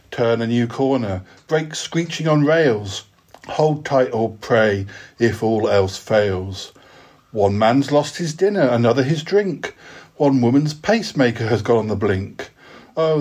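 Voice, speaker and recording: A man's voice: mid-range voice, a little mellow. A podcast host reading his own rhyming poems aloud in a rhythmic, sing-song way, with hesitant fillers when chatting.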